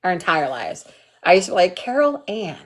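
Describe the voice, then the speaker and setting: A young adult woman hosting a live workshop, chatting casually and telling an animated family story full of quoted voices. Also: on the low side, quick pace. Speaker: workshop host. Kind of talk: casual livestream chat.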